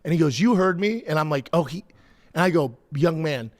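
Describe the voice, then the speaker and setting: Storytelling man, slightly high voice, casual cussing, acts out quotes. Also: fairly quick. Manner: animated, acts out quoted lines; swears freely.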